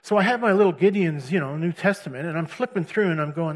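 A middle-aged man with a fairly high voice gives a personal faith testimony. He tells it as a story and builds to animated peaks. He slips into the voices of the people he quotes. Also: fast talker. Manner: storytelling, acting out quotes, chuckling, rising animated. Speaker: testimony speaker.

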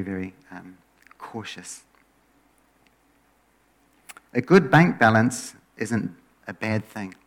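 Relaxed male pastor preaching. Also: on the low side. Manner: relaxed, often trails off quieter at phrase ends. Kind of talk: conversational sermon.

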